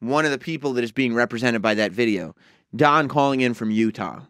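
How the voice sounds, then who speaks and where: A man's voice: mid-range voice, a little fast, fairly bright tone, a little hiss or hum. A man hosting a radio talk show, bantering, laughing often and taking callers. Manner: laughs often, takes calls.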